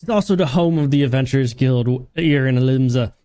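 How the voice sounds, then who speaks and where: A man's voice: mid-range voice, fairly quick, mellow, clean tone, no echo, lightly acted. A man voicing a hearty male tavern keeper as he reads game dialogue aloud, stumbling through it in a vague put-on accent. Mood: gruff, friendly.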